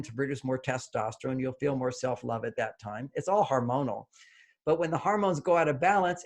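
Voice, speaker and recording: A man who is a relationship author, a guest on an interview podcast, explaining ideas and acting out the inner voices of children and parents. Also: on the high side.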